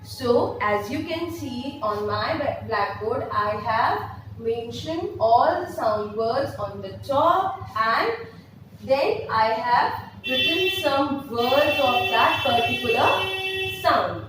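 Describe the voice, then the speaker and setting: Pre-primary teacher, Indian English accent, spells words slowly for small children, recorded at a distance in a roomy, echoey classroom. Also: female voice, on the high side, animated, background noise. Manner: slow, spelling words letter by letter, then repeating them with emphasis. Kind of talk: online phonics lesson at a blackboard. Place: classroom with a blackboard.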